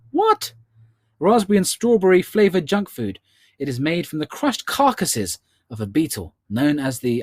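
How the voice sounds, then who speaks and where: A man hosting a live online charity quiz, reading questions slowly and slipping in joking asides. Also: on the high side, no room sound. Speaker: quiz host. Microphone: earbud headset.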